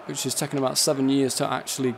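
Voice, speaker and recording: A man's voice: mid-range voice, flat delivery, very fast, vocal fry, slight background noise. A gaming YouTuber giving casual, swearing, laughing commentary as he plays a football game. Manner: swears a lot, laughs, shouts at players.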